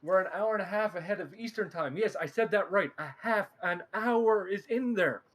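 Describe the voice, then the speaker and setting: Joking man from Newfoundland, higher voice. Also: moderate pace, fairly bright tone. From Newfoundland, Canada. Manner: joking, playful. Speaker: guest. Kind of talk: casual chat.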